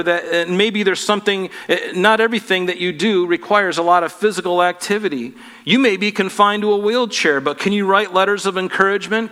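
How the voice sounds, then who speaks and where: A man's voice: sits high, pushed and bright, big-room sound. A man preaching a sermon as a pastor, earnest and preacherly, building through rhetorical questions.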